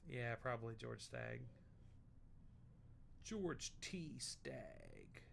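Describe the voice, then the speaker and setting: A man's voice: mid-range voice, huge pitch swings, drawn-out words, creaky, fairly bright tone, a little hiss or hum. A young man hosting a livestream, chatting loosely and joking while tasting bourbon. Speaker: livestream host. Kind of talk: casual tasting chat.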